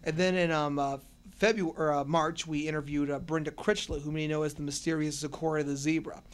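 A young man from Cincinnati, a radio and podcast host, talking excitedly and rambling with many restarts in an interview on a convention floor, holding a handheld mic. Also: on the high side, quick pace, clean tone. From Cincinnati, USA. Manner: energetic, rambling, with repeated restarts. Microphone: shared handheld mic.

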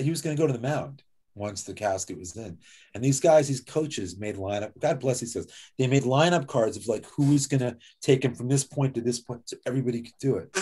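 A man speaking as an author and guest speaker, telling lively personal anecdotes in a conversational way over slides, with many casual fillers. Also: medium pitch, husky. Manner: conversational, lively, with frequent "like" and "you know". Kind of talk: anecdotal storytelling talk with slides.

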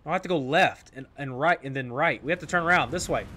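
This male streamer's voice is fairly high, fast, bright and forceful, with a little hiss or hum on the audio. He jokes casually with his viewers while commentating his own gameplay, repeating phrases and cursing when it goes badly.

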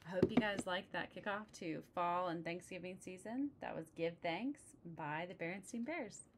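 A woman's voice: fairly low pitch, moderate pace, slight background noise. A woman reading a children's picture book aloud, with casual asides between the passages. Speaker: storybook reader.

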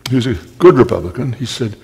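Older guy telling wry stories at a library talk, raspy, lots of throat clearing, echoey hall. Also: mid-range voice, expressive, quick pace, darkish tone. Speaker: guest speaker. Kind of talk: storytelling talk. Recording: long hall reverb.

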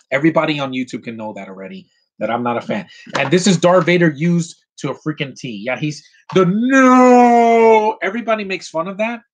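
A man's voice: medium pitch, fairly bright tone, husky. A man in his thirties showing off his collectibles on camera, talking in an opinionated, rambling way with plenty of mild swearing. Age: 30s. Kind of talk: casual ranting vlog.

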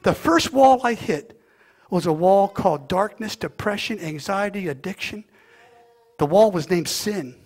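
A male pastor preaching a sermon, swinging from hushed, near-whispered passages to loud, impassioned declarations. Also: high-pitched, expressive, unhurried.

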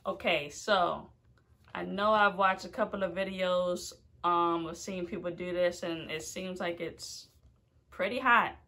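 A woman YouTuber hosting a casual food challenge vlog, talking nervously and exclaiming loudly. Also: lowish voice, steady tone, measured pace.

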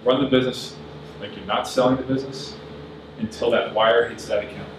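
At a business summit, a conference speaker addresses the audience in a large, very echoey room, his voice distant and accompanied by audible noise. He has a medium pitch, a steady tone and a fairly quick pace. He speaks earnestly and plainly, advising listeners directly.

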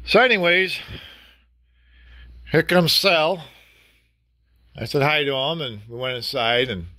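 A man's voice: mid-range voice, sharp tone, no echo, studio quality. A middle-aged man venting in a blunt, casual vlog rant, swearing freely and talking to the camera. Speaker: vlogger.

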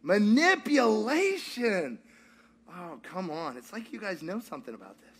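Animated high-voiced man teaching a crowd. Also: racing, slight background noise. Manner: playful, jokey, asks the crowd questions. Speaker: pastor leading a group discussion. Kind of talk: interactive teaching talk with audience.

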